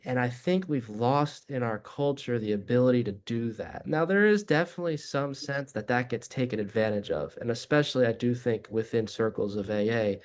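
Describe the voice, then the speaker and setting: A man being interviewed in a reflective conversation, earnest and explanatory, sometimes animated as he tells stories. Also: medium pitch, moderate pace, hardly any pauses. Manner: animated storytelling, acts out voices in anecdotes. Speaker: guest, addiction treatment director.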